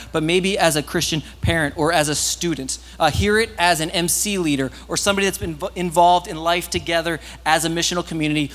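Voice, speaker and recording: A pastor giving a sermon in a lively, conversational way, with loud, rising peaks. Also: male voice, on the high side. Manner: animated, conversational preaching that rises to loud peaks. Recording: long hall reverb.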